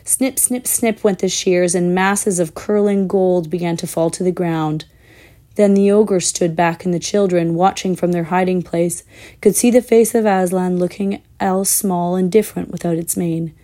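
Mellow woman reading a storybook. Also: on the low side. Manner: measured, expressive, with small slips. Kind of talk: reading a children's book aloud.

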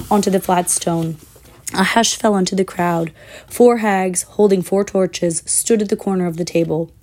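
Woman, storyteller, reading aloud to children, expressive, unhurried, mellow voice. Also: medium pitch. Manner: measured, expressive, with small slips.

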